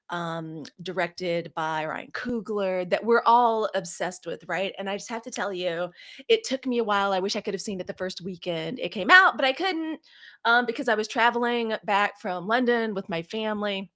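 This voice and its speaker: A woman's voice: mid-range voice, normal speed. A woman in her fifties from Mississippi chats on her own livestream. She gushes over her viewers, welcomes them again and again, and keeps saying "y'all". Her talk is loose and unscripted, with many ums and restarts. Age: 50s. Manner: warm, effusive greetings to viewers, lots of "y'all". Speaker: livestream host. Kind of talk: casual livestream chat. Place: home setup.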